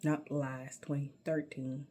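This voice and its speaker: A woman's voice: a bass voice, flat delivery, slow pace, mellow, a little hiss or hum. A middle-aged woman telling a personal story in a sassy, emphatic way, often calling the listener baby.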